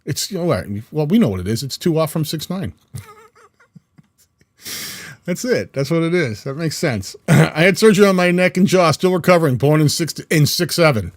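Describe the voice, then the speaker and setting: A man's voice: on the high side, expressive, normal speed, dry recording. A man in his fifties with a New England accent, hosting a video editing channel and chatting casually through a live stream from his home studio. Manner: chatty and rambling, with frequent restarts. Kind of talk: casual live-stream chat reading comments.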